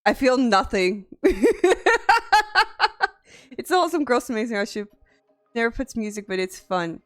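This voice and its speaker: Lively, soft-voiced woman streamer from Tennessee. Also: a little high, normal speed, dry recording, faint music behind. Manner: chatty, swears freely, laughs often. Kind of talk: casual chat with viewers.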